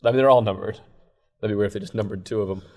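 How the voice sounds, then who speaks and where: A man's voice: fairly low pitch, steady tone, very fast, a little mellow. Comedian guy rambling on a podcast, candid, pokes fun at himself, casual chat. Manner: rambling, self-deprecating, candid. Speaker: comedian guest. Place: comedy club.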